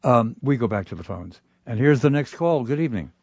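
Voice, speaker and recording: Radio host: composed man, dry muffled studio sound, wry and measured. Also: mid-range voice, animated, vocal fry, a little mellow, no echo. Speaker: radio talk show host. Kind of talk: call-in radio talk.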